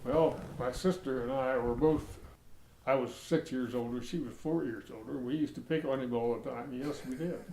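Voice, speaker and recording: An older American man reminiscing about his childhood in a relaxed interview, chuckling and restarting his sentences as he goes. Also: mid-range voice, normal speed, vocal fry, a little hiss or hum. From United States. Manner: rambling, chuckling storyteller with frequent restarts.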